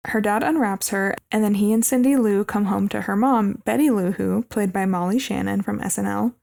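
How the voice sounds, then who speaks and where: Woman cohost going through a movie plot, mid pitch, creaky fry, laid back. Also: normal speed. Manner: relaxed, narrates plot with asides. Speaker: podcast co-host. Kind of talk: casual podcast movie recap.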